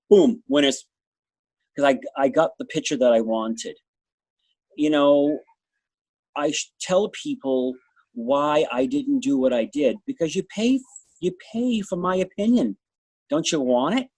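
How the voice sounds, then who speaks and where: A man's voice: fairly high pitch, a little mellow, husky, dry recording. A middle-aged man with a New England accent, a dog show judge answering interview questions in a blunt, rambling way. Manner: blunt, talks fast in bursts, trails off. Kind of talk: interview answer, candid anecdotes.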